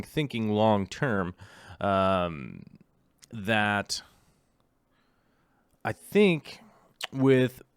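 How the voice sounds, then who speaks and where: A middle-aged man chats loosely on a livestream, restarting sentences and reading out viewer comments. His voice sits a bit low and sounds smooth and clear. The mic is close and dry, with no room sound. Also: dry recording. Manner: rambling, many ums and restarts, reads viewer comments aloud. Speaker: livestream host. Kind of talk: casual livestream chat.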